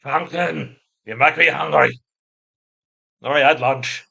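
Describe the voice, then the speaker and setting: Australian male streamer, bright tone, rambling chatty delivery to chat. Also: fairly high pitch, unhurried, gravelly, slightly rough. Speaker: livestream host. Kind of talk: casual livestream chat.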